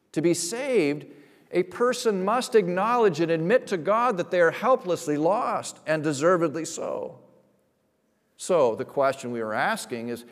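A man preaching a sermon as a pastor, emphatic, rising to loud, slowed stresses and dropping to quiet asides. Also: a little high. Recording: long reverb of a large hall.

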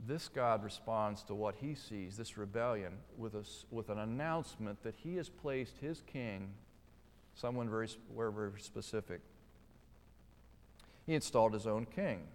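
A man's voice: lowish voice, moderate pace. Emphatic preacher man in a reverberant hall. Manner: emphatic, asks the listeners rhetorical questions. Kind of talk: sermon.

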